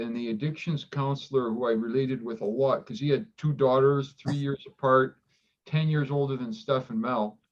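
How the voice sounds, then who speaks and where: A man, a doctor, speaking candidly as an interview guest, reflective and halting with frequent restarts, acting out remembered dialogue. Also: mid-range voice, highs cut off. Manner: acts out quoted dialogue with livelier voice.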